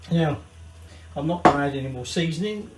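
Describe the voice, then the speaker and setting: Over loud music, a Scottish cooking host with a fairly high, expressive voice talks briskly through a recipe at home. He rambles chattily and tosses in sweary asides, and the room sounds echoey.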